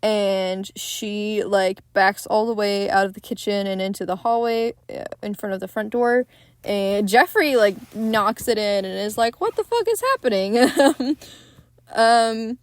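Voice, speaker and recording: A young woman hosting a podcast, casually recapping a film in a candid, excitable way, with frequent swearing. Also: mid-range voice, unhurried, clear, resonant tone, no echo. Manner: profane, candid and excitable retelling. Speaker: podcast host.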